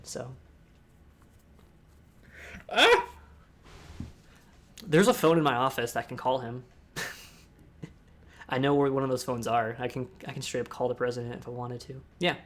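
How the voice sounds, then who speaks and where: A man's voice: medium pitch, fairly bright tone. Rambling young man on public speaking. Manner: rambling, with restarts and asides. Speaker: discord talk host. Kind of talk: casual talk on public speaking.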